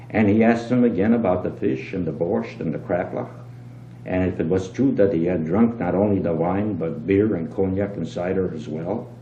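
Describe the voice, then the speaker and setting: Older man reading a story, low mellow voice. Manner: lively storyteller, brisk and dropping low on asides. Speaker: reader. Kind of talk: reading a short story aloud. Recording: dull, roomy old home tape with hum.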